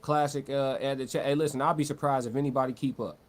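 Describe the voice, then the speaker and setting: A man's voice: medium pitch, steady tone, fast talker. Slangy male livestream commentator, talks loose. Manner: loose, conversational, repeats words and restarts, slangy. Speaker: livestream host. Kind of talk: live-stream commentary, reading chat.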